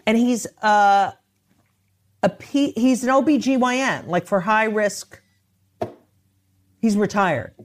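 A woman in conversation who rants with heavy profanity and jumps into sudden animated outbursts. Her pitch sits in a middle range for a woman. She is a comedian, talking casually. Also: slow pace, long pauses. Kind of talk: casual chat.

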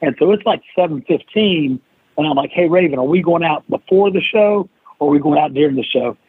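A man's voice: on the high side, brisk, slightly rough, no room sound. A man, a guest on an interview podcast, telling a long story and acting out the quoted lines of the people in it. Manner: animated storyteller who acts out quoted lines. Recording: dry, tinny phone-like line.

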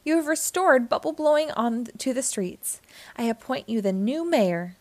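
A woman's voice: high-pitched, lively intonation, moderate pace, dry recording, voice pushed up. Lady reading as a grateful cartoon fish mayor, formal speech, dry sound.

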